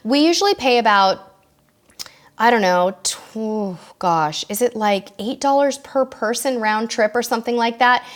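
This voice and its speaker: A woman's voice: fairly high pitch, expressive, moderate pace. A woman hosting a casual live-stream Q&A, reading out viewers' questions and answering them in a friendly, chatty way. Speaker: host of a live cruise Q&A.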